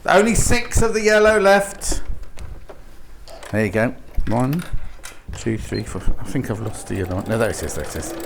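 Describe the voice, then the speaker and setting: British male shopping presenter, upbeat sales push, lively pitch, slight hum in studio. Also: moderate pace, gravelly, long pauses. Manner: upbeat, urging viewers to buy.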